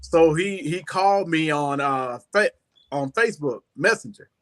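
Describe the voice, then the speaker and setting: Guy guesting on a talk show, fairly high, bright and forceful voice, loose rambling storyteller. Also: measured pace. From Southern United States. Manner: rambling, animated, leans on "you know". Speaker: guest musician. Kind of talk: casual storytelling interview.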